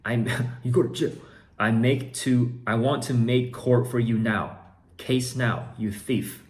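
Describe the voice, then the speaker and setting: A man's voice: medium pitch, a little slow, pitched above the performer's own voice, lightly acted. A man voicing a pushy, indignant male scammer customer who makes demands in broken phrasing. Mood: angry.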